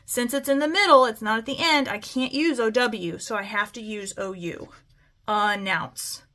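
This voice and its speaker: A woman's voice: fairly high pitch, normal speed, pushed and bright. A woman teaching a phonics lesson, stretching out words sound by sound and often checking in with "okay?". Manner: patient, keeps asking "okay?".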